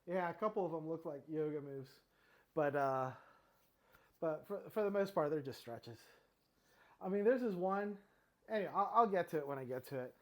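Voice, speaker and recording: A man's voice: fairly high pitch, animated, normal speed, long pauses. A middle-aged man talking casually through his stretching routine, a little out of breath, rambling with fillers and restarts. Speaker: fitness vlogger. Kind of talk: casual talk while exercising.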